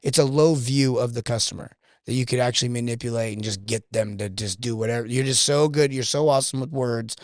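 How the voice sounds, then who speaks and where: A man's voice: medium pitch, fairly quick, no room sound, clean studio sound. A man from California, a sales coach who is a guest on a podcast, chatting casually and telling stories in which he acts out both sides of conversations.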